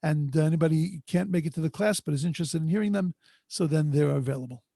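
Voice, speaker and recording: A man, a rabbi, teaching a Torah class over a video call in an earnest, drawn-out way, sprinkled with Hebrew and Yiddish terms. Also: fairly high pitch, vocal fry, mellow, no echo. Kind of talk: storytelling Torah lesson. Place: home online video call. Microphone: video call microphone.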